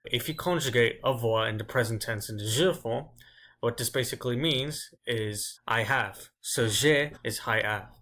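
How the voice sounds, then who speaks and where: A man teaching grammar as a language teacher, explaining step by step and slowing down to drill each example word. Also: mid-range voice, pushed and bright. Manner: slow, deliberate drilling of example words.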